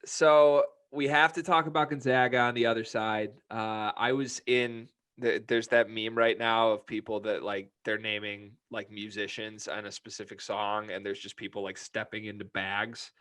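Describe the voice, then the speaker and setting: A man's voice: on the low side, little pitch movement, normal speed, few pauses, fairly bright tone. A young man co-hosting a casual sports podcast, talking in a fired-up, profane ranting manner. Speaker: podcast co-host.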